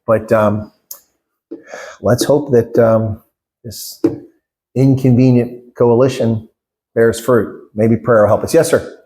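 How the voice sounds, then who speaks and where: A middle-aged man answering questions in an interview, with a voice pitched right in the middle range. He talks in an emphatic, indignant way and often asks rhetorical questions. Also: fairly even intonation, slow pace, long pauses, warm tone. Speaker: interview guest, former election candidate.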